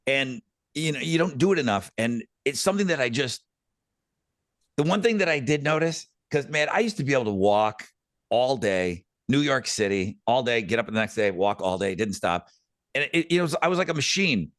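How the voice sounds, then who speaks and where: A man in his fifties who tells stories in casual podcast chat. His pitch swings widely as he gets into a tale, he swears freely and trips over his own restarts. The sound is dry and close to the mic. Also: moderate pace, no room sound. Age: 50s. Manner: storytelling, animated, swearing, stammering restarts. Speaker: podcast co-host.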